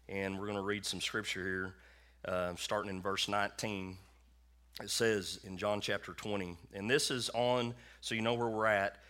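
A man's voice: lowish voice, pushed and bright. A man preaching a sermon in a church to his congregation, in a folksy, conversational way with lots of repetition. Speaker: pastor.

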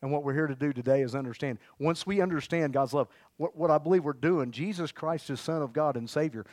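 A man preaching a lively sermon, shouting out exclamations and leading the congregation in call-and-response. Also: fairly high pitch, brisk, no echo.

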